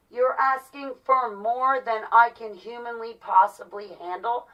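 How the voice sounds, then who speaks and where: A woman's voice: on the high side, steady tone, measured pace, few pauses, recorded from a distance, muffled recording. A woman in her forties ranting to her viewers in an exasperated, repetitive, pleading way. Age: 40s. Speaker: vlogger. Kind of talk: heated monologue to viewers.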